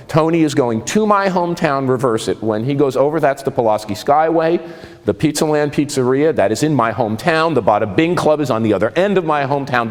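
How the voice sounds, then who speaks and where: A man in his sixties from New Jersey with a New Jersey accent, telling personal stories in a lively, conversational and self-mocking way. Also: mid-range voice, long reverb tail. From New Jersey, USA. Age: 60s. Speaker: speaker giving a talk. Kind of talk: personal storytelling talk.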